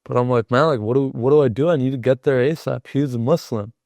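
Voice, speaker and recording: A man's voice: medium pitch, quick pace, gravelly, darkish tone, no room sound. A young man, a podcast guest, telling a personal story in a casual, rambling way with lots of "like". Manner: rambling, heavy use of filler "like".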